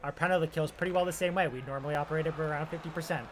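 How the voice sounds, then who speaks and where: A young man doing casual play-by-play commentary while playing a hockey video game, swinging from calm asides to loud excited calls on scoring chances. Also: on the high side, rapid-fire, a little hiss or hum.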